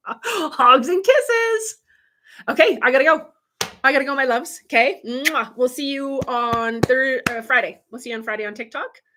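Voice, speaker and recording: A woman's voice: high voice, steady tone, a little fast, background noise. A woman working as a spiritual medium, chatting casually with viewers on a live stream, swearing freely and laughing often. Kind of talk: casual livestream chat with viewers.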